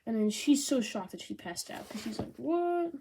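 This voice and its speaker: A woman giving a casual manga review, rambling and excitable, with lots of "like" fillers. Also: medium pitch, brisk, slight background noise.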